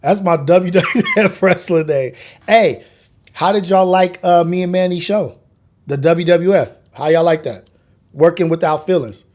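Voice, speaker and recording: A man in his forties hosts a casual morning show from home, with a slightly raised pitch. His talk is loose and joking, full of swearing and quick laughs. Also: darkish tone. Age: 40s. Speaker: podcast host.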